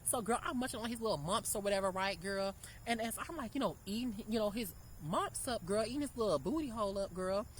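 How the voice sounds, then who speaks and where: A woman's voice: medium pitch, animated, fast, slight background noise, rough recording. A young woman tells a casual storytime in a sassy, brash way, calling her listeners girl and honey. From Memphis, Tennessee. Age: 20s. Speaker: vlogger.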